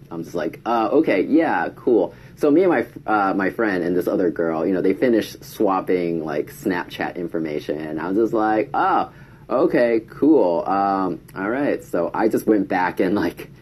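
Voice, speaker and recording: A man's voice: low voice, mellow, a little hiss or hum. A man telling a casual story to camera, chatty, acting out quoted lines in a raised voice. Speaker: vlogger.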